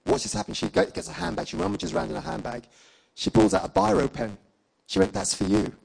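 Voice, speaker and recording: A man preaching and telling a personal testimony as a story, acting out the dialogue with lively energy and laughing along. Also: on the high side, quick pace, vocal fry, rough recording.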